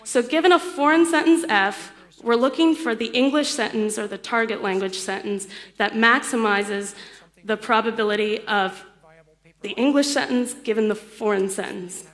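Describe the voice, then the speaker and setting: A young woman delivers a technical conference lecture with a bright, fairly high voice. She explains patiently, with ums and the odd light laugh. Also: normal speed. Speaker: conference speaker. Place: lecture hall.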